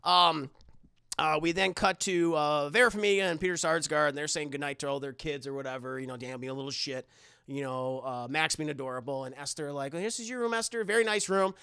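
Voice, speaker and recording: Fairly high and a little fast, his voice is clear and resonant, with studio-quality, echo-free sound. He's a streamer reviewing a movie live, rambling through an animated, profane, filler-heavy recap while talking to his chat.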